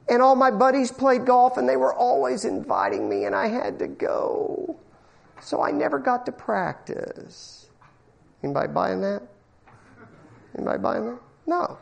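A man's voice: extremely high pitch, gravelly. A middle-aged man preaching a sermon, telling a folksy personal story and acting out the people in it. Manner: folksy storytelling with acted-out quotes and asides.

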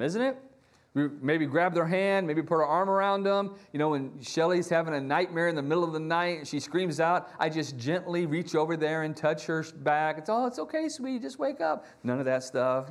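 Animated high-voiced male preacher. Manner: animated storytelling, acting out quotes in shifting voices. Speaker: pastor. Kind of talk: sermon.

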